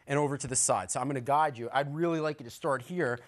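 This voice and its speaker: A man's voice: mid-range voice, quick pace. A man hosting a TV fitness show, coaching with upbeat encouragement. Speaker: fitness trainer and show host.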